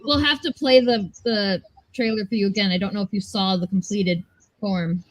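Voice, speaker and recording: Young female stream co-host, mid-pitched, chatty and self-deprecating, casual. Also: steady tone, moderate pace. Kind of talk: casual livestream chat.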